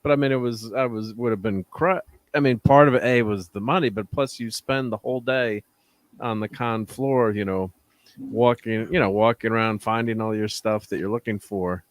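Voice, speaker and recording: A man's voice: on the low side, normal speed, dry recording. A man telling stories in a casual chat, chatty and laughing through them.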